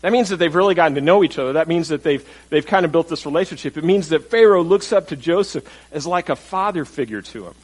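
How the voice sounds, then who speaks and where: A man's voice: fairly high pitch, expressive, fast talker, hardly any pauses, slightly rough, poor audio. A male pastor preaching a conversational sermon, asking the congregation questions and acting out the people in the story. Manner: conversational, asks the audience questions, acts out quotes.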